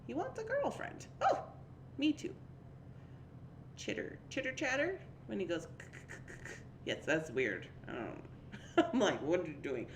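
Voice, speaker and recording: A woman's voice: mid-range voice, very animated, a little slow, long pauses, roomy sound, a little hiss or hum. A young woman hosting a casual livestream chat, laughing often and reading viewer comments aloud. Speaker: livestream host.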